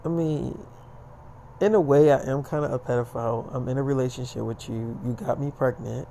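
A man's voice: medium pitch, fairly even intonation, fairly quick, vocal fry, dark tone, slight background noise, lightly acted. A man voicing a blunt, matter-of-fact adult woman who swears freely, in a casual spoken story.

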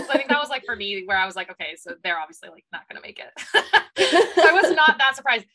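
A woman's voice: mid-range voice, sing-song, brisk, sharp tone, rough recording. A young woman co-hosting a podcast, telling stories animatedly with frequent laughter. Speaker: podcast co-host. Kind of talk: casual chat.

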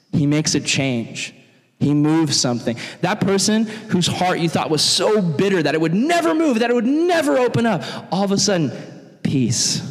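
A young adult man giving an animated sermon in a church, acting out other people's voices as he talks. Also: a little high. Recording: long reverb in a church hall.

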